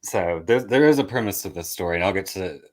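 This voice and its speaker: A man, a comedian guest on a podcast, telling a story in an animated way that builds to loud bursts. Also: deep voice, quick pace.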